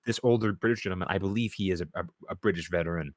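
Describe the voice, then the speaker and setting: Low-voiced man recapping a show. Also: dry recording, studio quality. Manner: acts out scenes in quick character voices; halting, with many restarts. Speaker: podcast co-host. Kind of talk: casual chat recapping a TV episode.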